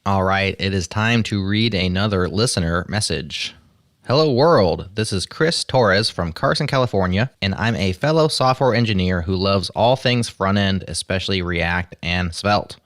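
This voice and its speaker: Deep man, podcast host, dry close sound, upbeat letter reading. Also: normal speed, fairly bright tone, no room sound. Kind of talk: reading a listener message aloud.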